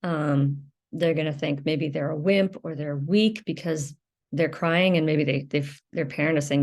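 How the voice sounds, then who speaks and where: A woman's voice: low-pitched, fairly even intonation, unhurried, a little mellow. A woman giving an unscripted educational talk for her video channel, explaining in a loose, conversational way and searching for her words as she goes. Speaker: video creator on emotional recovery.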